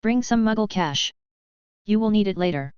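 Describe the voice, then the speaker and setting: A woman voicing a playful, wise old male wizard headmaster, speaking slowly and in a teasing tone. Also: medium pitch, animated, a little mellow, smooth, dry recording, pitched above the performer's own voice, close to an everyday voice. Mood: wry, gentle. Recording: dull, lo-fi, dry.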